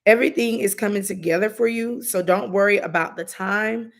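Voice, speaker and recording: A woman's voice: medium pitch, fairly quick. A woman doing a live-stream intuitive reading, talking casually with lots of fillers. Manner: casual, rambling, filler-heavy. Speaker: intuitive reader.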